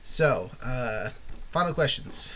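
Male podcast host, bright voice, rambling casual teacher. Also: medium pitch, lively intonation, takes it slowly, slight background noise. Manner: rambling, frequent "you know what I mean".

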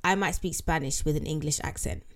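Woman co-host, slightly low voice. Chatty plot recaps with quick acted-out quotes. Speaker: podcast co-host. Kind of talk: casual chat, recapping a documentary.

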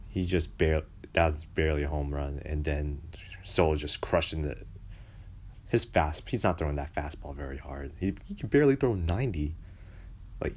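A man with an extremely deep, low voice rants casually about baseball. He sounds exasperated and mocking, complaining at length. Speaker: baseball fan commentator. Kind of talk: casual sports rant.

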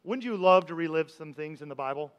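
A man's voice: on the high side, lively intonation, brisk, clean tone. A man preaching a sermon as pastor, talking conversationally, asking the congregation questions and often repeating his words. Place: church sanctuary. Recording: long church hall reverb.

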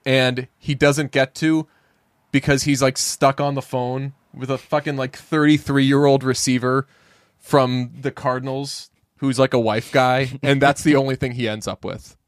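A man's voice: mid-range voice, level tone, measured pace, no echo, clean studio sound. A man co-hosting a casual podcast about a movie, talking animatedly, acting out quotes and swearing casually. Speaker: podcast co-host.

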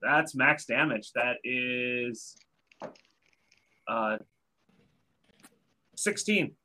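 A man's voice: mid-range voice, drawn-out words, bright, forceful tone. A young man playing a tabletop game, rowdy and jokey, swearing now and then. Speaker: player. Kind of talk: casual tabletop game chat. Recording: audible background noise.

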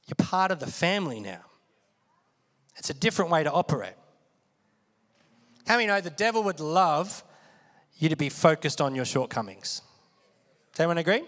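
A man preaching with a fairly high voice, his words ringing with long reverb from a large hall. He talks casually and keeps asking the congregation questions. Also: very animated, normal speed, pauses often, fairly bright tone. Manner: conversational, asks the audience questions often. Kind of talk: sermon.

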